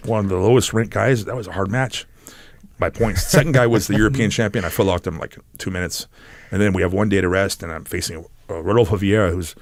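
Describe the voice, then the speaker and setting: A middle-aged man, a podcast guest, telling a long story in a halting, animated way, stopping and restarting and acting out what others said. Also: low voice, no echo, clean studio sound. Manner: halting, animated storyteller who acts out quotes. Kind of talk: casual storytelling interview.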